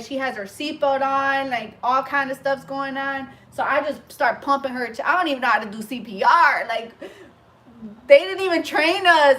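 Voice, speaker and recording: A young woman telling a story in a casual, animated way, full of fillers and restarts, while she works as a hairstylist. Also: sits high. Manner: animated, breathless retelling with many fillers. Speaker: hairstylist and vlogger.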